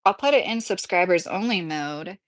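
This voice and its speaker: A woman's voice: on the low side, lively intonation, moderate pace. A woman in her late thirties hosting a casual livestream from home, chatting and reading viewer comments aloud, often breaking into laughter. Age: 30s. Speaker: livestream host reading chat. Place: mobile home indoors.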